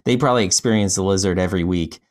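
Guest spot: man with a lowish voice, animated casual storyteller who acts out the dialogue. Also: very fast. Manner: animated, acts out quoted dialogue, frequent "like" fillers. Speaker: podcast guest.

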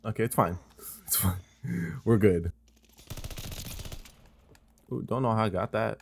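A man's voice: on the low side, normal speed. A man giving live gameplay commentary, exasperated and swearing as he trash-talks opponents and teammates and asks his viewers questions. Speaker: gaming streamer.

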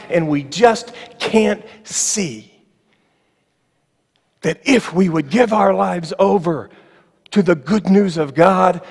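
A man preaching a sermon as pastor, emphatic, slowing on key phrases, with ironic asides. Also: high-pitched, creaky, slightly rough. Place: church sanctuary. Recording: long church reverb.

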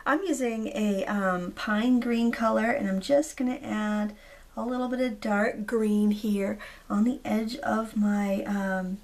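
A woman in her thirties, a hoarse craft video host, talking casually through a tutorial with many relaxed ums. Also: medium pitch, takes it slowly. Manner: chatty, relaxed, frequent ums. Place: indoors at a craft table.

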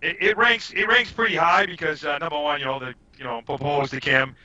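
A man chats as a podcast guest, rambling through animated stories and restarting his sentences. His voice sits a little high and sounds very bright and edgy. The recording is dull and lo-fi. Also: a little fast. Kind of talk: casual storytelling chat. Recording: dull lo-fi audio.

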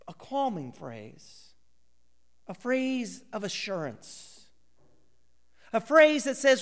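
A male pastor preaching a sermon, acting out voices of biblical characters and dropping to a hushed whisper for emphasis. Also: high voice, lively intonation, slow, clean tone, in a large hall.

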